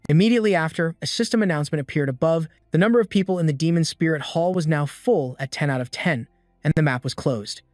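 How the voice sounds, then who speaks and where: A man narrating a comic story recap in a steady storytelling manner. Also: on the high side, fast, no room sound, studio quality. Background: faint background music.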